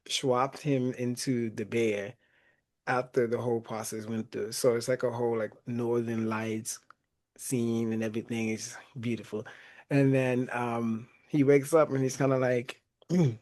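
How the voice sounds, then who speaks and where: Man, podcast host, casual chat, animated storytelling, laughs a lot, mid-range voice. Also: medium pitch, slow pace. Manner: animated, laughs often, acts out quotes. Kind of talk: casual chat retelling a movie.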